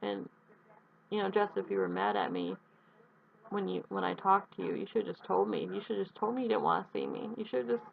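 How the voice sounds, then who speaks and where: Young woman with heavy vocal fry. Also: mid-range voice, wildly swooping pitch. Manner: earnest and rambling, with halting restarts. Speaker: vlogger addressing her absent partner. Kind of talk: heartfelt personal video message. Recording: tinny phone-quality audio with faint hiss.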